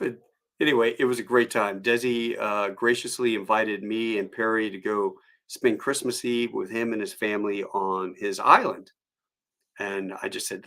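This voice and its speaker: A man's voice: fairly low pitch, steady tone, moderate pace, a bit bright. Rambling middle-aged male storyteller. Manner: rambling and digressive, with many fillers. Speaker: storyteller, airline pilot. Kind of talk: casual anecdote on a solo live stream.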